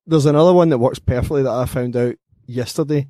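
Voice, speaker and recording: A Scottish man talks fast and teases his co-hosts, dropping jokes into their stories. The mic catches him close and dry, with no room around him. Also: mid-range voice, dark tone, dry recording. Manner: quick, teasing, chips in with jokes. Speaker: podcast co-host. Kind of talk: casual comedic chat.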